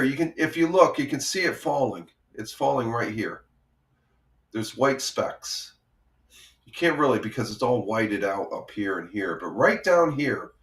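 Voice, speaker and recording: A man's voice: medium pitch, fairly bright tone. Chatty man hosting a morning stream. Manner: rambling, chatty, frequent fillers and laughs. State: has a cold. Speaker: live stream host. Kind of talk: casual chat reading viewer comments. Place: home, by a window.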